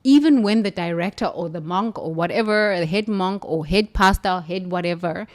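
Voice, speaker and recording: A woman from the United States, a former nun, telling a spiritual story in an emphatic, animated way. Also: fairly low pitch, normal speed. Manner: animated, emphatic, laughs between lines.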